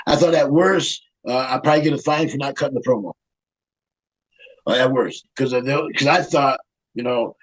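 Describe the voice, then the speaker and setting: A man's voice: mid-range voice, slightly rough, rough recording. An older man as an interview guest, telling a rambling, profane story and acting out what others said. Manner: rambling, profane, repeats himself, quotes others. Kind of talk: casual storytelling.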